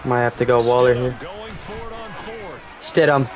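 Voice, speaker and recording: Young male gamer, excitable, swears freely, game crowd roaring behind. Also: medium pitch, normal speed. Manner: excitable, swears, yells at big plays. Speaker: gaming streamer. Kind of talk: live game commentary.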